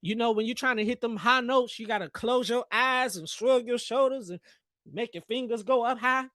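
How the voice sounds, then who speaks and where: A man's voice: very high voice, normal speed, pushed and bright, dry recording, studio quality. A young man hosting a live trading stream, giving playful, hyped commentary in slang and joking with his chat. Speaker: trading livestream host.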